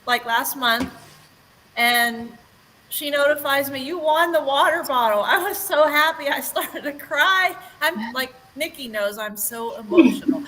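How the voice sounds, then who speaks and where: A bubbly woman chatting on a livestream video call, her voice high and bright. She laughs often and gets emotional easily as she tells stories. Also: moderate pace, a little hiss or hum, rough recording. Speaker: livestream co-host. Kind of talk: casual livestream chat.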